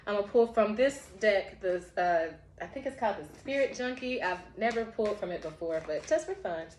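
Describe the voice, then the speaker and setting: A woman's voice: medium pitch, expressive, a little fast, darkish tone, roomy sound, a little hiss or hum. A woman giving a casual spiritual tarot reading, heartfelt and encouraging, often breaking into laughter. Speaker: tarot reader.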